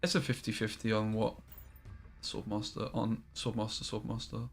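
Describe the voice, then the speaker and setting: A man's voice: on the low side, flat delivery, moderate pace. A young man casually commentating his card game on a live stream, chatting and reading chat aloud into a desk microphone.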